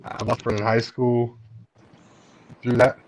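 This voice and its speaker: A man's voice: medium pitch, flat delivery, a little slow. A man hosting a live stream in casual chat, talking in a candid, earnest way. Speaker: livestream host. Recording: muffled lo-fi stream with background noise.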